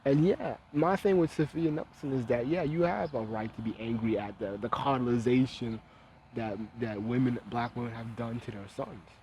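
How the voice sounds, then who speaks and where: A man's voice: medium pitch, normal speed, warm tone, slight background noise, poor audio. A man giving a casual opinion monologue as a vlogger, with blunt, profane, heated ranting.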